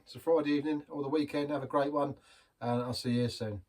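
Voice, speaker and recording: A man's voice: a little high, steady tone, quick pace, a little mellow. A man hosting a casual beer review vlog, talking in a rambling, chatty way full of asides and restarts.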